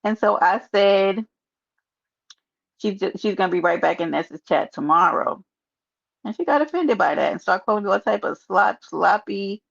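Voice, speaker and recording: A woman's voice: medium pitch, lively intonation, normal speed, gravelly. A woman with a New York accent hosting a casual livestream, chatting sassily and reading her chat aloud. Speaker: livestream host. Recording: dull lo-fi stream audio.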